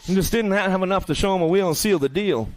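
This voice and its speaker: A man calling live BMX races in rapid play-by-play, throwing out nicknames for riders and teasing them as they finish. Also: sits high. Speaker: race announcer. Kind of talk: live BMX race commentary. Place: outdoor BMX race track.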